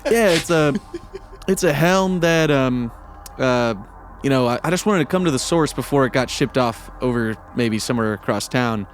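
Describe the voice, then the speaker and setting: A man's voice: mid-range voice, expressive, normal speed. A man role-playing a character at a tabletop game, rambling and hesitant with lots of ums and restarts. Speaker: player.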